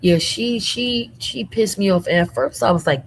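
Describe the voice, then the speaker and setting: A woman hosting a casual commentary show from her room at home, sassy and animated with lots of slang, a little under the weather. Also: mid-range voice, moderate pace, creaky, a little hiss or hum, rough recording. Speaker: commentary channel host.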